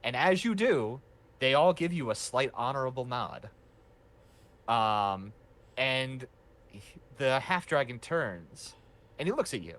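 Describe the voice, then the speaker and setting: A man's voice: mid-range voice, very animated, slow, long pauses, fairly bright tone. A man running a tabletop game as game master, narrating loosely with many fillers.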